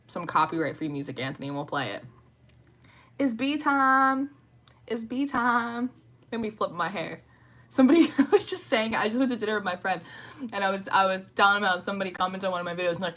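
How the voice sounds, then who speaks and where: A woman's voice: lowish voice, a bit bright. A woman chatting casually from home on a livestream, rambling and greeting viewers by name. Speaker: livestream host. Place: at home at night.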